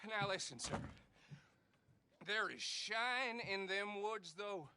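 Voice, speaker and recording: An actor playing a folksy, scheming male small-town sheriff who talks slowly and courteously. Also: high voice, bright, forceful tone, smooth, exaggerated voice. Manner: slow, drawling and courteous.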